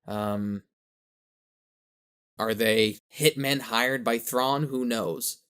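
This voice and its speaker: A man's voice: mid-range voice, fairly even intonation, drawn-out words, a bit bright, clean tone. A man co-hosting a podcast in casual chat, rambling and correcting himself, with a slight lisp. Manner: rambling, self-correcting, laughs at own jokes. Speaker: podcast co-host.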